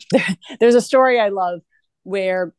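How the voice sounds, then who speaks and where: A woman's voice: medium pitch, unhurried, clear, resonant tone, no room sound. A woman guest talking earnestly in a conversational interview, with frequent restarts. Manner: earnest, animated, with many restarts.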